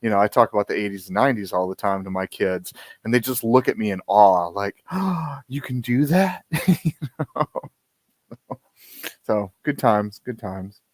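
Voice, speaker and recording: A man in his forties co-hosting a live stream, laid-back and halting, laughing often. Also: lowish voice, dry recording. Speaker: podcast co-host. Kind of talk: casual live-stream chat.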